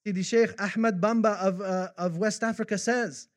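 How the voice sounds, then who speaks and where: A man's voice: high-pitched, steady tone, moderate pace, hardly any pauses. A man preaching a devotional sermon, reciting poetry with fervor and repeating himself as the feeling builds. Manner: impassioned, rising to fervent recitation of poetry.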